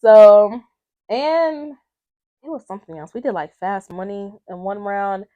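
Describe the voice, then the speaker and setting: A woman's voice: medium pitch, measured pace, narrow, tinny audio. Young woman from atlanta, chatty guest, does everyone's voices when she tells a story. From Atlanta, Georgia. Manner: animated, acts out family members' voices. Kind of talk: casual storytelling.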